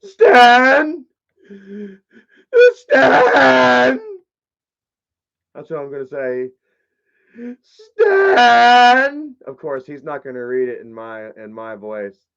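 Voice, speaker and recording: A man's voice: mid-range voice, level tone, fairly quick, clean tone. Rambling man on a muffled stream. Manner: rambling, swears casually, shouts out chat viewers. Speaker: livestream host. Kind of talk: casual livestream chat.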